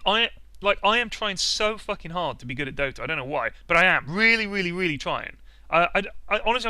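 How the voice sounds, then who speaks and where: Bright, crisp self-mocking male host. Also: sits high, dry recording. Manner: sarcastic, self-mocking, exasperated. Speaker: video host. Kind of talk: comedic gaming rant.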